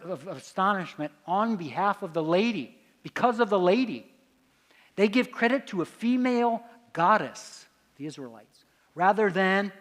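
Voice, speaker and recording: A man's voice: sits high, fairly bright tone. A man giving a conference lecture, quizzing the audience with questions and answering them himself. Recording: long hall reverb.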